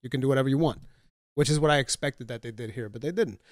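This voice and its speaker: A man's voice: mid-range voice, fast talker, dry recording, studio quality. A man in casual gaming chat on a podcast, telling stories animatedly and swearing freely. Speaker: podcast co-host or guest.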